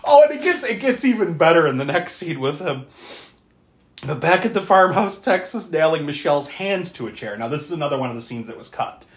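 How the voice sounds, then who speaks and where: A podcast co-host recapping a horror movie in casual chat, animated and profane, often laughing. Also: a little fast. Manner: animated, profane, laughing, with sudden pitch jumps. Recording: roomy echo.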